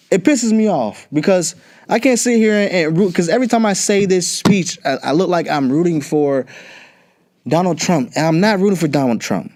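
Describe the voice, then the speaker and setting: A man's voice: a little high, darkish tone. A young man hosting a podcast, ranting bluntly and profanely in casual talk. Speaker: podcast host. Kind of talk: casual political rant.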